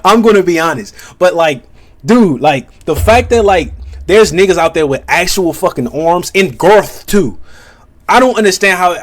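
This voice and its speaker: A man hosting a reaction video, talking in a rambling, casual way with lots of fillers and swearing. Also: a little high. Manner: rambling, profane, many fillers.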